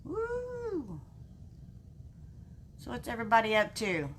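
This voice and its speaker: Bubbly slow-talking woman craft host. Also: a little high, lively intonation, a bit bright, slight background noise. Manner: bubbly, greets viewers by name with little cheers. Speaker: craft live-stream host. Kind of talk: chatty live-stream greetings.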